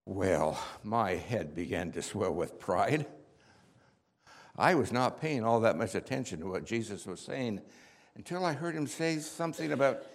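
A man acting as the apostle Peter, telling his story in a heartfelt first-person monologue. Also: on the low side. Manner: heartfelt storytelling, rising to shouts. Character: the apostle Peter, impulsive and earnest. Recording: long hall reverb.

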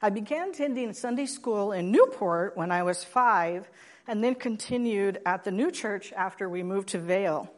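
A woman in her sixties from Oregon giving a sermon and personal testimony in a plainspoken, gently humorous way. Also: mid-range voice, lively intonation, normal speed. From Oregon, USA. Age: 60s. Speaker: lay preacher.

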